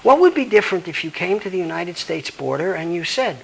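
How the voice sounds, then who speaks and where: Law professor, male, high-pitched and blunt, swearing freely, taking audience questions. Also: animated, brisk, vocal fry, a little hiss or hum, poor audio. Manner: emphatic, blunt, profane. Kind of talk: lecture with audience Q&A.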